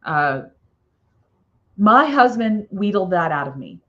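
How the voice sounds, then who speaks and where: A woman's voice: mid-range voice, sing-song, takes it slowly, lo-fi sound. A woman author hosting a casual live stream, chatting in a rambling way with frequent "okay?" tags and little laughs.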